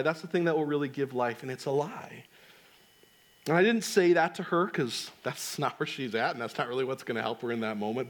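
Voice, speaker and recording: A man in his thirties preaching a sermon in a conversational way, often checking in with "right?" and dropping softly for emphasis. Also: on the high side. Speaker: pastor.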